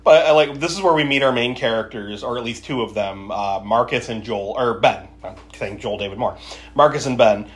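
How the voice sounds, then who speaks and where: A woman's voice: rumbling low, a little fast. A woman co-hosting a podcast, casually recapping a slasher film and acting out quoted lines between bursts of laughter. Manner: laughs often, retells scenes with quoted lines. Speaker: podcast co-host. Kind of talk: casual movie recap chat.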